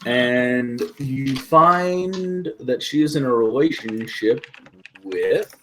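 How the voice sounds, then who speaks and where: A man running a tabletop role-playing game as game master, talking slowly with many ums and pauses. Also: mid-range voice, expressive, pushed and bright, a little hiss or hum. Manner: slow, hesitant, many ums and uhs. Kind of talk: narrating a tabletop game over voice chat.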